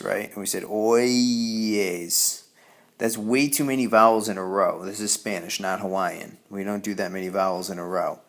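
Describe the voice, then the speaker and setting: Male Spanish teacher, low gravelly voice, patient explainer who keeps asking "okay?". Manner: patient, repeats "okay?" to check understanding. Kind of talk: classroom grammar lesson.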